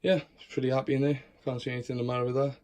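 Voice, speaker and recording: A man's voice: mid-range voice, little pitch movement, rapid-fire, a little mellow. A man giving a casual room-tour vlog of his tarantulas at home in his bedroom. He chats freely, swears, and coaxes and scolds his spiders as he goes. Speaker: tarantula keeper showing his collection.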